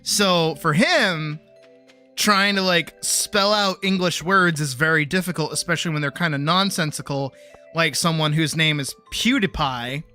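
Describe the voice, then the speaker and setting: A man's voice: fairly high pitch, measured pace, pushed and bright, soft background music. A man streaming a game, chatting casually at a desk mic in a giggly, rambling, self-teasing way.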